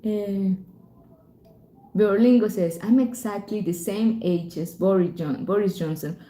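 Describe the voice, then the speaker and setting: A woman chats through a live stream in a mellow, unhurried tone. She reads out viewer comments, giggles easily and apologizes for rambling. Her voice rings a little in a roomy, echoing space. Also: mid-range voice. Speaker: channel host answering live chat. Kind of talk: casual live-stream chat.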